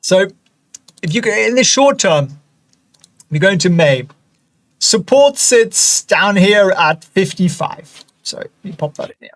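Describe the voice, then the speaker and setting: A man with a German accent, a host talking through stock charts in an excitable, chatty way, now and then breaking into high-pitched bursts and whispered asides. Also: slow, long pauses. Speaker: investing channel host. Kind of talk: screen-share stock analysis.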